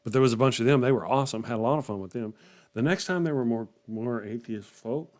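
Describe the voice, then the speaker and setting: A man's voice: medium pitch, fast, a little mellow. Rambling man chatting on a livestream. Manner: rambling, chuckling, trailing off and restarting. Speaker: livestream host. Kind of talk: casual chat reacting to viewer comments.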